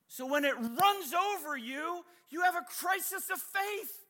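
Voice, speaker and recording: A man preaching a sermon as a guest speaker, dramatic and humorous, moving from hushed asides to shouting. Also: very high-pitched, animated, a little slow, few pauses. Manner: humorous, conversational storytelling.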